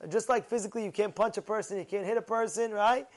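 A man giving an animated sermon, telling stories, repeating words and using Hebrew terms. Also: high voice, quick pace. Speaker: rabbi giving a Torah talk.

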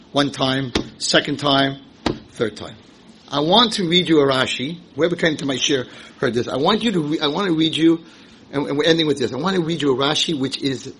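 A man teaching a Torah class, emphatic and animated, asking rhetorical questions and rising to shouts. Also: a little high, a little hiss or hum, rough recording. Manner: rhetorical questions, acts out quotes. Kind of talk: Torah lecture.

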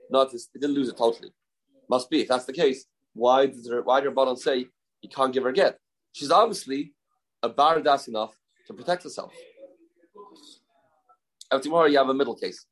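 A man's voice: mid-range voice, brisk, long pauses, poor audio. A man teaching a daily Talmud class, mixing English with Hebrew and Aramaic terms and asking rhetorical questions.

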